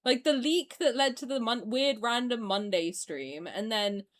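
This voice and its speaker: A woman's voice: a little high, unhurried. A young woman streamer ranting in a heated, profane, exasperated way during a casual reaction video.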